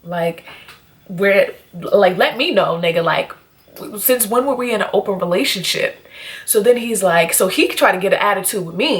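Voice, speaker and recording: A young woman on her vlog, telling a personal story in an animated, blunt and profane way. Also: medium pitch, normal speed. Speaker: beauty YouTuber.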